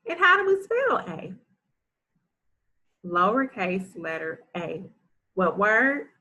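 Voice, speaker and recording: A woman's voice: mid-range voice, very animated, very slow, pauses often, sharp tone. A woman teaching a first grade phonics lesson, sounding out letters one at a time and praising often. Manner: encouraging, gives frequent praise.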